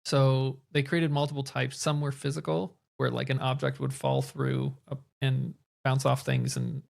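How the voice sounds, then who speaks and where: A man's voice: medium pitch, little pitch movement, normal speed, gravelly, darkish tone. A man co-hosting a podcast, thoughtfully explaining ideas in casual conversation. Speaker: podcast co-host.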